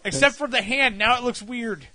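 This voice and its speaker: A man's voice: extremely high pitch, moderate pace, a loud crowd. A man co-hosting a casual review podcast, making sardonic, profane wisecracks. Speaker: podcast co-host.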